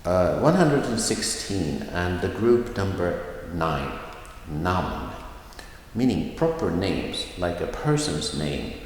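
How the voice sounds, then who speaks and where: A man teaching a recorded pronunciation lesson, speaking slowly and carefully and repeating example phrases. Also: low-pitched, very animated, slight background noise. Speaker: language teacher. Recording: echoey room with long reverb.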